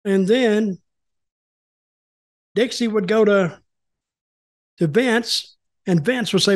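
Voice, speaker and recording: A man's voice: sits high, unhurried, pauses often. An older man hosting a casual chat, telling rambling stories with restarts and quoting people as he goes. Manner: rambling, repeats words and restarts, quotes people in dialogue. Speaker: host, wrestling storyteller.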